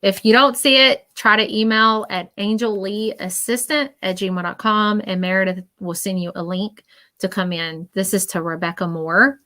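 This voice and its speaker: A woman's voice: medium pitch, steady tone, moderate pace, bright, forceful tone. Rambling woman giving a live psychic reading. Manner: rambling, filled with "um" and "you know"; speaks to viewers directly and reassuringly. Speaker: psychic medium.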